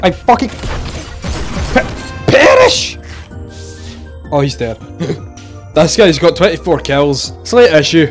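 Young guy gaming youtuber, high voice, drawn out words, swearing and hollering over gameplay, music faint behind. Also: lively intonation, a little slow, long pauses. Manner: loud, swearing, shouting catchphrases. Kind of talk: gameplay commentary.

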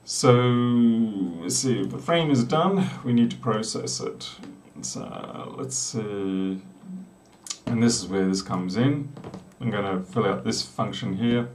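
Man, Australian accent, middle-aged, low voice, casual coding chat, faint hum behind, distant mic, room echo. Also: slow pace, a little mellow. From South Australia. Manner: rambling, joking asides while typing. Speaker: programmer live-streaming. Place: small room with a door.

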